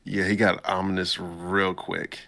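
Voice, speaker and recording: A man hosting a podcast, casually recapping an anime episode in a laid-back, slangy way and jumping up in pitch to quote the characters. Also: level tone, measured pace, creaky, a bit bright. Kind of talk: casual chat.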